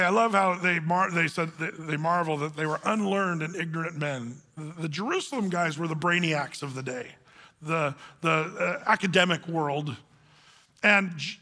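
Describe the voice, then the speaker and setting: A man preaching a sermon in an easygoing, folksy manner, his voice high and bright. It rings out with the long reverb of a big hall, as if recorded in a church sanctuary. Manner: folksy, conversational preaching with colloquial words. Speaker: pastor. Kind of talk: sermon, verse-by-verse Bible teaching.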